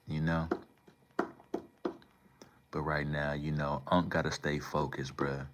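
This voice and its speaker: Very deep-voiced man rambling to his chat. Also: flat delivery, slow, noisy background. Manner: rambling, slangy, talks back to chat. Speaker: livestream host. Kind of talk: casual livestream chat.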